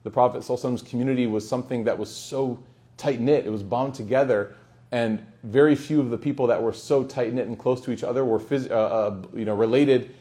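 A man's voice: medium pitch, steady tone, fast. A man speaking as an imam and teacher at a community gathering, in a casual, joking lesson style sprinkled with Arabic phrases. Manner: warm, joking, peppers speech with Arabic phrases.

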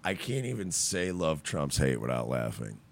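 A man's voice: very deep voice, big pitch swings, normal speed, creaky. A man ranting casually on a talk show, sarcastic and profane, often mocking people in put-on voices. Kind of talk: casual podcast rant.

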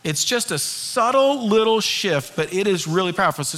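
Bright, lively male pastor preaching. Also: high-pitched, moderate pace, hardly any pauses. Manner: lively, leads the congregation in call-and-response. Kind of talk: sermon.

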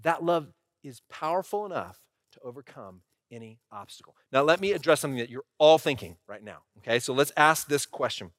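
A male pastor preaching a sermon, emphatic and repetitive, swinging between loud urgency and hushed quiet. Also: fairly high pitch, animated, brisk, no echo, studio quality.

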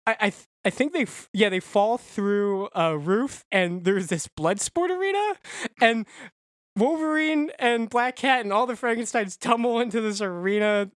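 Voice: medium pitch, animated, moderate pace, no room sound, studio quality. Laughing, rambling comic book recapper. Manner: rambling, laughing retelling with fillers. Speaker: podcast co-host.

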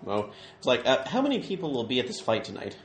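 A man's voice: medium pitch, huge pitch swings, fast, a little hiss or hum. A man playing a tabletop role-playing game, trading wry jokes and questions. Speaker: player. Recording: roomy recording.

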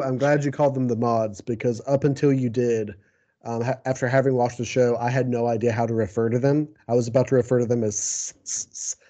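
A man's voice: medium pitch, dark tone. A man co-hosting a casual podcast chat, rambling along and chuckling often. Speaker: podcast co-host. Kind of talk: casual chat about a TV show. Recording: dull lo-fi recording.

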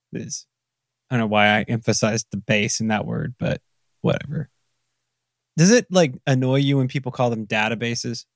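A man's voice: mid-range voice, dry recording, studio quality. A man with a Southern US accent, co-hosting a casual technical talk with self-deprecating, rambling asides. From American South. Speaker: podcast co-host.

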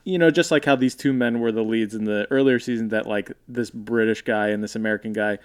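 A man's voice: lowish voice, steady tone, a little fast, clean tone. Wry man in casual chat.

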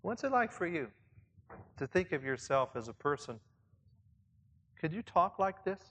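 A man's voice: a little high, sing-song, a little slow, a bit bright, husky. A man leading church leaders in a conversational sermon, reflective and asking his listeners questions. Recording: long reverb, as in a hall.

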